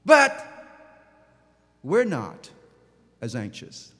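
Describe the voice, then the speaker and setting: High-voiced male pastor preaching. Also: expressive, normal speed, a bit bright. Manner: impassioned preaching with repetitions and restarts. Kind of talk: sermon. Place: large church hall. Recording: long church hall reverb.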